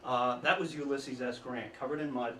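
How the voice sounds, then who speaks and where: A man giving an informal history talk to an audience, telling the story with chuckling asides and lively emphasis. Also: mid-range voice, normal speed. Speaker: history speaker. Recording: echoey room, mic at a distance, faint background noise.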